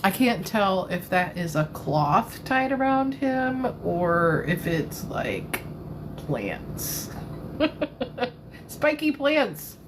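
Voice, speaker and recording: Giggly woman chatting slowly on a live stream. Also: mid-range voice, sing-song, background noise. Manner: playful, giggly, rambling. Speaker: tarot reader. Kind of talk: casual live-stream chat. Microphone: phone.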